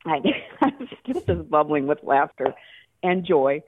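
A woman phones in to a talk show, her voice swinging widely in pitch as she laughs and gets choked up mid-story. It comes through a thin, tinny phone line with a dry, close sound. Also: sing-song, unhurried, no echo. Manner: laughing, tearful storytelling with restarts. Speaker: caller. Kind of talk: emotional call-in story.

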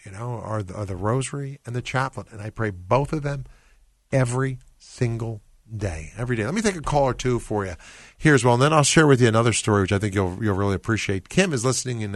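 A man's voice: mid-range voice, dry recording. A man hosting a faith call-in radio show, telling a family story earnestly and taking listener calls, with frequent restarts. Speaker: radio talk show host.

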